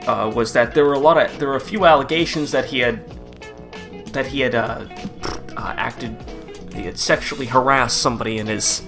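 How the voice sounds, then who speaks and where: A man riffing in a crude, casual comedic rant, laughing often and jumping into loud mocking impressions. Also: mid-range voice. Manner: profane, laughing, swings into loud mock quotes. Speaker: comedy commentary host.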